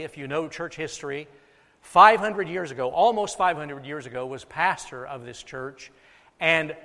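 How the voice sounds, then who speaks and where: Emphatic pastor preaching in an echoing hall. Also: male voice, on the high side, pushed and bright. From United States. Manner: emphatic, repeats key phrases for effect. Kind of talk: sermon. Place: church sanctuary. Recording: long reverb of a large hall.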